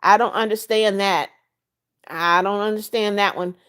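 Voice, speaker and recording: A woman's voice: medium pitch, fairly even intonation, moderate pace, a bit bright, clean tone. A woman in her seventies hosting a casual livestream, greeting viewers by name and blessing them in a blunt, motherly way. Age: 70s. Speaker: livestream host. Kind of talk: casual livestream chat reading viewer comments.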